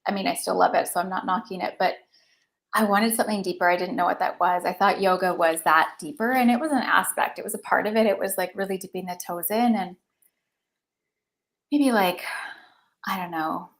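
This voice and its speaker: A woman's voice: on the low side, fairly quick, creaky, fairly bright tone. A woman who works as a somatic breathwork coach, speaking as a podcast guest and telling her personal story in a chatty, earnest way with many fillers. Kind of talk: candid personal storytelling in an interview.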